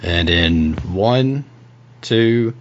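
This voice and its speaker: A young man runs a tabletop game, narrating with a lively, swooping pitch. He stammers and laughs as he talks, and the recording sounds muffled and lo-fi. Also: very slow, slight background noise. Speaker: game master. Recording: dull lo-fi recording.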